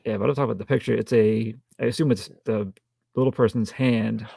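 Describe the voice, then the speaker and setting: A man co-hosting a casual film review podcast, making dry, deadpan jokes. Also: on the low side, fast talker, vocal fry, slightly rough, dry recording. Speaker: podcast co-host.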